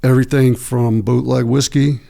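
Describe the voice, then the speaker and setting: Man, middle-aged, gravelly and mellow, flat delivery, halting storyteller with lots of ums. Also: medium pitch. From United States. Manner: slow, halting, many fillers and restarts. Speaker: podcast guest. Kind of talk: long-form interview storytelling.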